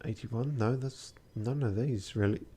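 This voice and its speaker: A man's voice: mid-range voice, measured pace, mellow, breathy edge. A tired man streaming a game, reading its text aloud and making wry, muttered asides.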